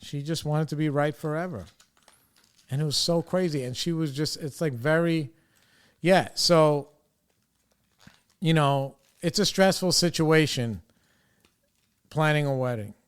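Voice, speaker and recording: Young man, podcast host, smooth clear voice, slightly high, casual cursing storytelling. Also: measured pace, pauses often. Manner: animated, profane, quotes others in his own voice.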